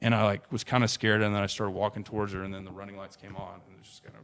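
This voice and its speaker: A man's voice: on the low side, flat delivery, racing, a bit bright. A young man, a podcast guest, telling a personal story in an earnest, rambling way with many restarts.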